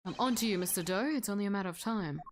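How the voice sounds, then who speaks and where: A woman reading the lines of a cool, formal male prosecutor in a game, with a measured delivery. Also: medium pitch, a little hiss or hum, lightly acted. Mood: composed.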